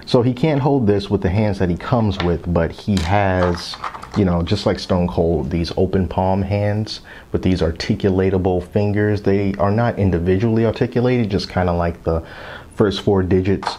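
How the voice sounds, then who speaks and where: A man's voice: deep voice, moderate pace, mellow, a little hiss or hum. A man in his thirties casually reviewing action figures on camera in a chatty, rambling way, now and then dropping to a whisper. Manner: chatty, rambling, drops into whispers so as not to wake his kids. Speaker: toy collector vlogger.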